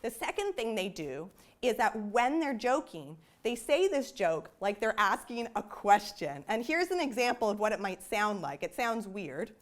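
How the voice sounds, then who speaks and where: A woman's voice: medium pitch, very animated, normal speed. A woman psychologist giving a public science talk, explaining her research in a conversational way with frequent "you know" asides.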